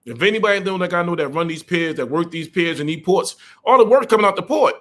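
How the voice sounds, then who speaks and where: A man's voice: sits high, expressive, fast talker, fairly bright tone. A middle-aged man hosting a live stream, a truck driver ranting bluntly, repeating himself and greeting viewers. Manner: blunt, repetitive, greets viewers mid-rant.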